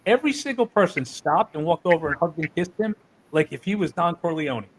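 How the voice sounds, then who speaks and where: Man, fairly high voice, husky, profane, animated storyteller, from New Jersey, promoter interview. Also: brisk, rough recording. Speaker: wrestling promoter.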